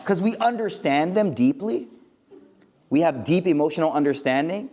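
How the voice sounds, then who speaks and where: A man's voice: a little high, moderate pace, mellow. A man giving a casual, joking religious talk to a live audience, using street slang and acting out quoted lines. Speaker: Islamic speaker.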